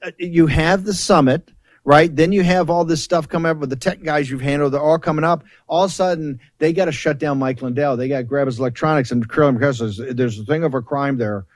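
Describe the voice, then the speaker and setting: A man's voice: fairly high pitch, fairly even intonation, a little fast, dry recording. A man hosting a political talk show, delivering combative commentary in a fiery, taunting, emphatic way with repeated rallying phrases into a studio microphone.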